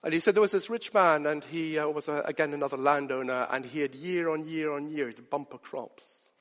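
A man preaching a sermon, earnest, moving from hushed asides up to rising emphatic peaks. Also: on the high side, a little fast, big-room sound.

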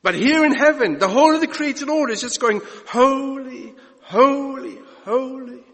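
Male preacher, high lively voice, long church echo, dramatic sermon delivery. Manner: dramatic, swooping delivery, drawn-out words. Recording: long echoey church reverb.

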